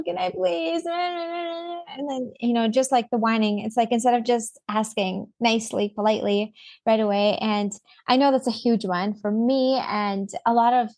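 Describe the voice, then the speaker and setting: Chatty mom host, higher voice. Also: female voice, darkish tone, no echo. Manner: chatty, laughs often, acts out kids' voices. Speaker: podcast host. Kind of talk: casual interview chat.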